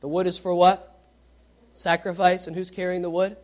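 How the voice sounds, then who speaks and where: A man preaching a sermon, reading scripture aloud and questioning his congregation, swinging from loud animated questions to hushed emphasis. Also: high-pitched, normal speed.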